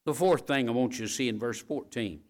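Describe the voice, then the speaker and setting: A man preaching a sermon, addressing the congregation directly, repeating key phrases and building to loud, emphatic peaks. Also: mid-range voice, fairly quick. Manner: talks straight to the congregation with asides like "all right?".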